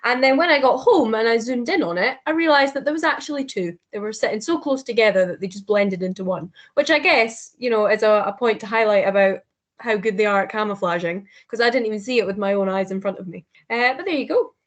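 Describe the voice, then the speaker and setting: A woman with a fairly high voice co-hosts a podcast, chatting casually at a fast pace and laughing along easily.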